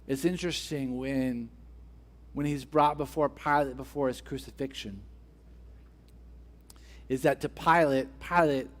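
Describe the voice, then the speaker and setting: A man's voice: medium pitch, fairly even intonation, unhurried, long pauses. A man preaching a sermon as pastor, driving his point home with repeated rhetorical questions and building emphasis.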